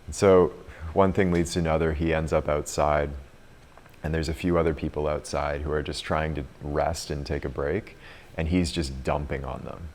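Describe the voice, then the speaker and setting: A man's voice: extremely low pitch, flat delivery, normal speed, darkish tone, slight background noise. A man in his thirties leading a retreat group, telling a story in a chatty way and laughing often. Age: 30s. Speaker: retreat leader and coach.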